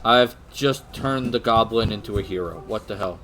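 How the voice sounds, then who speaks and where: A man co-hosting a livestream, chatting casually with frequent pauses and fillers while greeting viewers. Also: lowish voice, a little hiss or hum. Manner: relaxed, halting with many fillers, greets chat viewers. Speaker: livestream co-host. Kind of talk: casual chat.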